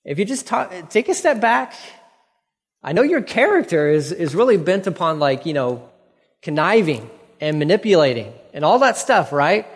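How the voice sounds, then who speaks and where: A man's voice: fairly high pitch, sing-song, moderate pace, slightly rough, big-room sound. A man preaching a casual sermon, reading scripture and acting out the characters with playful mock voices.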